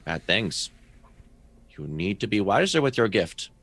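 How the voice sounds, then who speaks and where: A man's voice: on the low side, big pitch swings, measured pace, a bit bright, no room sound, full character voice. A man voicing a cryptic mentor mage in a tabletop role-play, who lectures and trails off mid-thought.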